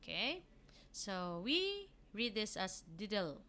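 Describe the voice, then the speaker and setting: Slow, bright Filipino woman teacher. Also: mid-range voice, sing-song, clean tone. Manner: slow, repeats each word twice, switches between English and Tagalog. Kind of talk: recorded reading lesson for children.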